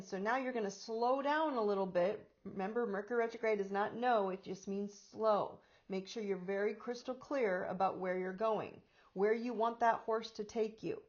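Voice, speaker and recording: Animated woman coach, slightly muffled sound. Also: medium pitch. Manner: animated, quick to act out inner voices, laughs often. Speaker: life coach. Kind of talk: casual spiritual talk to camera.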